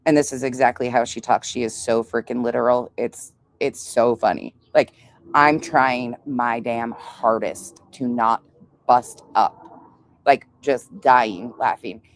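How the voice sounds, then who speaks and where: A woman's voice: very deep voice, fairly even intonation, unhurried. A middle-aged mother casually telling a family story, swearing freely and laughing as she goes.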